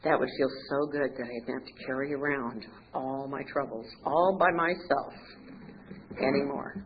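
A woman's voice: extremely low pitch, normal speed, highs cut off, heavy background noise. Woman telling a candid recovery story. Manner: candid storytelling with wry humor, acting out dialogue. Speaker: recovery speaker. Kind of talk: personal testimony talk.

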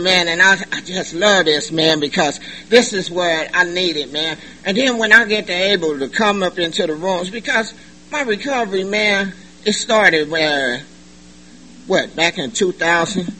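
A middle-aged man giving a personal testimony at a recovery meeting, animated and joking, in loose slangy talk. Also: on the high side, a little hiss or hum, low-quality recording. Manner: animated, joking, colloquial, laughs often. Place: meeting room.

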